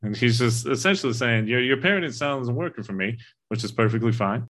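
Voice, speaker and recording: A man's voice: medium pitch, animated, fast, fairly bright tone. A man in casual podcast talk, animatedly retelling a film scene and quoting its lines, with the odd swear.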